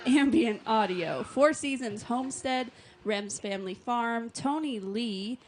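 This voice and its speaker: A woman's voice: on the high side, a little slow, slight background noise. A woman co-hosting a live stream from behind the switcher, reading out viewers in a brief, matter-of-fact way. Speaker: co-host and switcher operator. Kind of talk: casual live stream chat.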